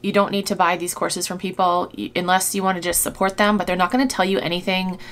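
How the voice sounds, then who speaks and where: A woman's voice: fairly low pitch, little pitch movement, fast, a bit bright. A woman giving reaction commentary on a video, indignant and exasperated, with frequent sighs. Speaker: YouTube commentator.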